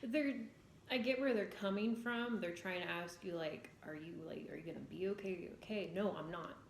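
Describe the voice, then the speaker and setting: A woman's voice: on the low side, fairly quick, gravelly, slight background noise. A woman guest in a casual chat, talking frankly and emphatically, sometimes repeating herself. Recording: echoey room with faint ambience.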